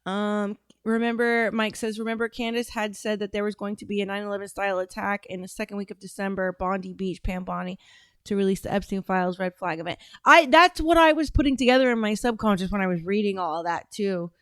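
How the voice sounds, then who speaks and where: A woman's voice: mid-range voice, brisk, clean tone, no room sound, clean studio sound. A woman hosting a casual livestream, reacting to clips and chatting with viewers in a blunt, profane way. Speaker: livestream host.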